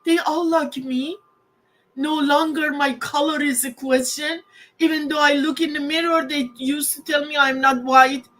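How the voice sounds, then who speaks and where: A woman's voice: high voice, fairly even intonation, a little slow, a bit bright. A woman around sixty, a guest telling her own story in earnest, heartfelt, plainspoken words with non-native English phrasing. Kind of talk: personal testimony.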